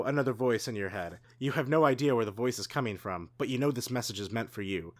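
A man co-hosting a show, reading a story aloud dramatically and playfully with loud sound effects. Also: mid-range voice, a little fast. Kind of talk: comic book reading.

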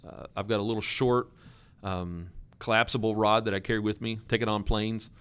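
A man with a low, smooth, resonant voice talks as a guest minister. He is relaxed and uses lots of fillers. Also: a little fast. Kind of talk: casual interview chat.

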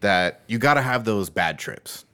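A man's voice: fairly low pitch, expressive, measured pace, pushed and bright, clean tone. A young adult man co-hosting a podcast, talking in an easygoing, laid-back way in casual chat. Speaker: podcast co-host.

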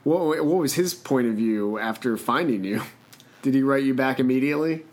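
Podcast host, mid-pitched voice, curious, short prompting questions. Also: normal speed, a little mellow. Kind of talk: interviewing.

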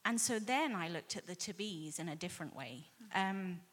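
A woman sharing her personal Bible study reflection in an earnest, measured way. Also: fairly low pitch, expressive. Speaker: class member sharing a study.

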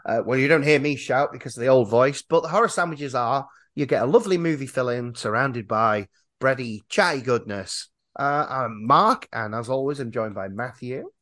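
A man hosting a horror movie podcast, talking casually in a hoarse voice after losing it, joking and stumbling over his words. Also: mid-range voice, normal speed, fairly bright tone. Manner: jokey, self-deprecating, stumbling restarts. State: hoarse, lost voice. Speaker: podcast host.

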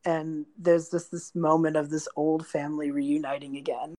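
A woman narrating as game master of a tabletop role-playing game, relaxed and full of casual fillers. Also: low-pitched, moderate pace, low-quality recording. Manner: relaxed storyteller, many fillers like "just goes".

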